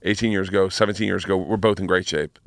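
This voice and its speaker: A man's voice: low-pitched, fairly even intonation, fast talker, gravelly, dry recording, clean studio sound. A middle-aged man from Florida, guest on a podcast, telling rowdy stories in a rambling way with many restarts. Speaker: comedian guest. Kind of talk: casual podcast chat.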